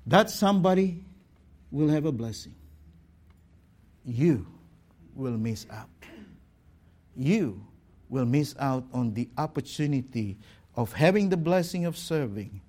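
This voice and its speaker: A pastor preaching a sermon, exhorting the congregation with pointed rhetorical questions. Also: male voice, medium pitch, expressive, a little mellow. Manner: exhorting, rhetorical questions, slow deliberate delivery.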